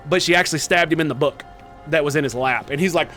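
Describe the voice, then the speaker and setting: A man streaming a video game, rambling with excited, profane commentary. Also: a little high, fast, soft background music. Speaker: gaming streamer. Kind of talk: casual gameplay commentary.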